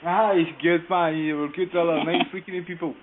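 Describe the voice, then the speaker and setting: A male caller on a talk show, chatting loosely and quickly with asides and repeated phrases. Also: fairly high pitch, steady tone. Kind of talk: call-in talk show chat. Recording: tinny phone line with faint hiss.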